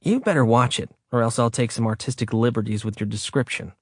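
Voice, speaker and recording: An earnest, protective young man, voiced by a male audiobook narrator speaks firmly and plainly. His voice sits at an ordinary male pitch. The sound is dry and close. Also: fast talker, dry recording, lightly acted. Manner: earnest, firm. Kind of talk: audiobook reading.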